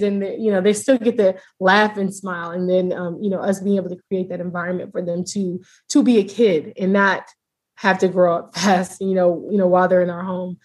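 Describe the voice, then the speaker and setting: A woman's voice: medium pitch, little pitch movement, normal speed, a little mellow, husky. A woman speaking as a podcast guest, a foster mother sharing her experiences in a heartfelt, earnest way with frequent restarts. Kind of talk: casual podcast interview.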